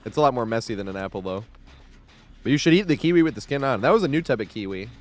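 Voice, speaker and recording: A man's voice: mid-range voice, expressive, fast. A man in his thirties streaming a game live from home, chatting casually in a rambling way, laughing often and swearing freely.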